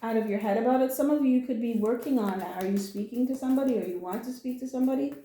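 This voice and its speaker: A woman reads tarot in a casual, earnest way, comforting her listeners and using blunt slang. Her voice is fairly high but mellow. The room around her sounds echoey. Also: quick pace, slight background noise. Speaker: tarot reader. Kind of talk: casual spoken tarot reading.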